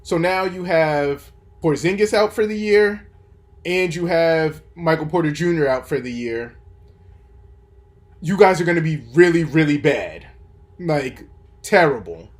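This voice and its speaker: A man's voice: a little high, expressive, measured pace. A young man hosting a podcast, talking sports in a casual, opinionated, rambling way with plenty of fillers. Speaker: podcast host. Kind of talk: casual sports commentary monologue.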